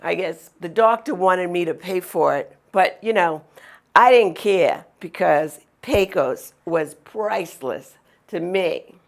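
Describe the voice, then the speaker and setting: Animated woman telling childhood stories. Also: lowish voice, takes it slowly, gravelly. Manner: animated, acts out sounds and quotes. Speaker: storyteller. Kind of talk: personal storytelling.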